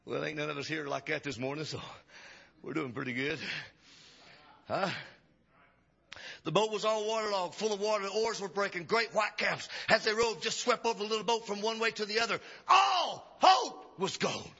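A male preacher delivering a revival sermon, chanting upward and dropping to a hush. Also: high-pitched, fairly even intonation, fairly quick, creaky, long pauses. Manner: chanting rises and sudden drops to a hush. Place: church sanctuary. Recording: dull lo-fi church recording.

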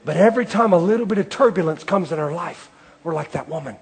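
A man's voice: on the high side, animated, fast talker, creaky. A male preacher delivering a sermon in a rhythmic cadence with repeated phrases.

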